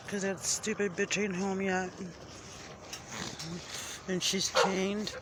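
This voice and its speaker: A shivering speaker stands outdoors at night, pleading for a chained dog to be rescued and mixing swearing with soft, comforting words. The voice stays low and flat with little pitch movement, and it is spoken slowly. The phone recording is noisy, with wind and a dog barking behind. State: shivering from the cold. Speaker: concerned neighbor filming a chained dog. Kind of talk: distressed handheld night vlog. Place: outdoors at night in freezing cold. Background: wind noise and a dog barking.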